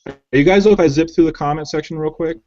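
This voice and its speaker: A man hosting a casual online hangout, reading through viewer comments in a relaxed, chatty way with plenty of fillers. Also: on the high side, very fast. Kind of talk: casual live hangout chat. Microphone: video call. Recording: dull lo-fi web call audio.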